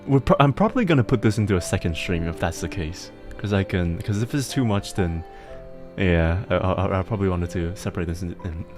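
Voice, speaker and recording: Low-voiced young man swearing through casual stream chat. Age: young adult. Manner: swears freely and laughs often, rambling and chaotic. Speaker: streamer host.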